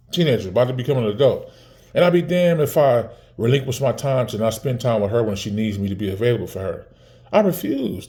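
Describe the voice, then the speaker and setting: A man's voice: medium pitch, dark tone. A man in his forties talking casually to the camera, heated and profane, repeating words and restarting often. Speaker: vlogger.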